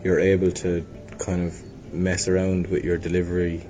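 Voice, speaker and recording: A man's voice: monotone, moderate pace. A young man from Limerick with an Irish accent, chatting casually about his acting work, rambling and self-deprecating with many restarts. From Ireland. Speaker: actor guest. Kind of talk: casual interview chat. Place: hotel venue. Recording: noisy with low rumble.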